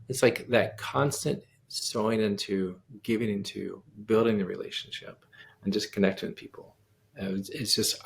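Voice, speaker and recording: Gravelly-voiced man telling an animated story. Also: fairly low pitch. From United States. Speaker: guest pianist and composer. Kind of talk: storytelling in a casual interview.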